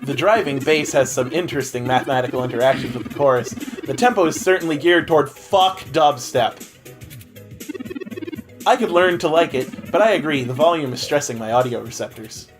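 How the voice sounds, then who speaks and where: A man co-hosting a casual let's play, reading game dialogue in a measured, polite way and laughing often. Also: mid-range voice, music in the background. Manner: reads robot companion lines in a measured, polite way, laughs often.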